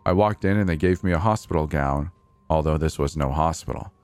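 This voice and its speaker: Man, low voice, scripted story narration, steady and earnest. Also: brisk, no echo.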